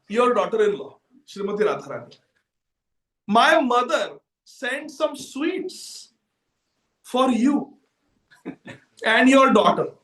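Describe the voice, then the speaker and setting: A man voicing a young man disguised as a shy, delicate girl who speaks softly and coaxingly. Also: very high voice, exaggerated voice. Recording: echoey hall from far off.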